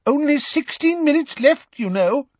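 A man voicing a fussy elderly male wizard examiner who speaks softly and frets. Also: sits high, animated, unhurried, no echo, dull audio, pitched above the performer's own voice. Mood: anxious. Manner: soft, fretful, dry little coughs.

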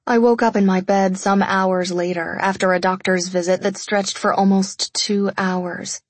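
A woman reads a first-person romance audiobook in an intimate, confessional tone. Her voice is breathy and a little husky, mid-pitched, recorded dry on a close mic. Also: little pitch movement, measured pace, few pauses, no echo. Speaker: audiobook narrator. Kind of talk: scripted first-person narration.

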